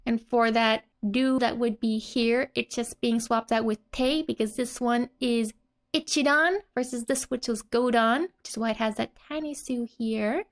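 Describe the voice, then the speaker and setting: A woman's voice: a little high, steady tone, normal speed. A young adult woman teaching a language lesson in a casual, explanatory way, giggling often between her explanations.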